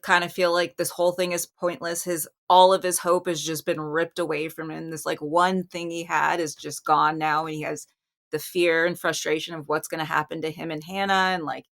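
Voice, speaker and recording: A woman guest on a casual film podcast talks through a scene, filling her sentences with "like." Her voice sits low for a woman. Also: creaky. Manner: talkative, many fillers. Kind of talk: casual film review chat.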